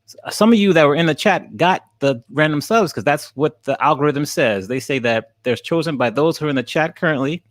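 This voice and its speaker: Excited male streamer thanking his viewers. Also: on the high side, fairly quick. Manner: excited, laughing often, thanking viewers by name. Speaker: streamer and college teacher. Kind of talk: live stream chat with viewers.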